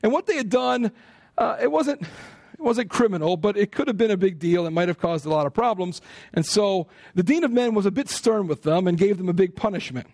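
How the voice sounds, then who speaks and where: An American man preaching a sermon, telling stories in an animated way and acting out what people say. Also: sits high, a little fast, dry recording, studio quality. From United States. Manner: animated storytelling, acting out quoted speech.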